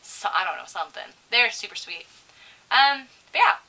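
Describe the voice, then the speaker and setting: A young woman co-hosting a casual chat, telling profane, animated stories about her job as a server. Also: medium pitch, normal speed, poor audio. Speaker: co-host.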